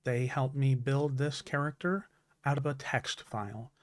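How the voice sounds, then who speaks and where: A man streaming live, giving an emotional, heartfelt thank-you speech that is halting, full of fillers and restarts, his throat turning a little raspy. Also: medium pitch, fairly even intonation, dry recording.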